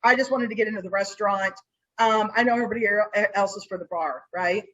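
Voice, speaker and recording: A fast-talking woman with a medium-pitched voice, a private investigator, recounts a story in a relaxed interview and performs her own lines to the people she dealt with. The recording sounds muffled.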